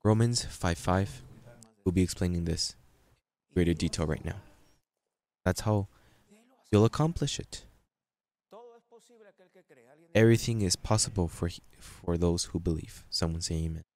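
A man preaching a sermon as pastor, emphatic and repetitive, with halting restarts and sudden jumps in pitch. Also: a little mellow.

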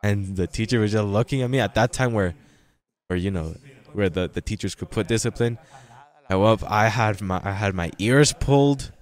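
Lively, laughing preacher man, lowish voice. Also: normal speed. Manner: lively, laughing anecdotes with frequent restarts. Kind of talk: storytelling sermon.

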